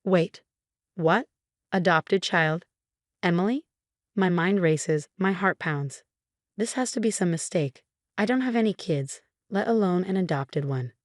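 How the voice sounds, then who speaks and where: A woman narrating a first-person drama story, reading every voice in one steady tone. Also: fairly low pitch, no echo, studio quality.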